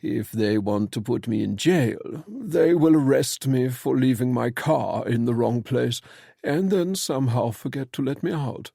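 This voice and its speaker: A man's voice: medium pitch, animated, vocal fry, warm tone, husky, no echo, studio quality, heavily acted. A man voicing a wry older foreign émigré. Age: 60s. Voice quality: slight foreign accent, halting phrasing. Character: older foreign émigré thinker, light and inscrutable. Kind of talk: audiobook character reading.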